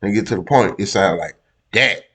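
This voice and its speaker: A man's voice: low-pitched, normal speed, a bit bright. A man reacting to a video in loose, slangy casual talk, stopping it to explain his point emphatically. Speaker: reaction streamer.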